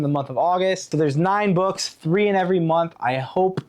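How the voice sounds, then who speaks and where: A man chatting casually on his book vlog, enthusiastic and rambling with fillers, pitching his summer reading picks. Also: moderate pace, hardly any pauses. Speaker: book vlogger. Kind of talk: casual chat. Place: Oregon.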